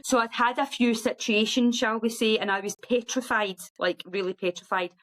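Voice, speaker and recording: A middle-aged woman, a guest on a podcast, telling a story in a lively, animated way and acting out other people's voices. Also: normal speed, low-quality recording. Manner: lively, acts out quoted voices in a high sing-song. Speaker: guest ultra runner.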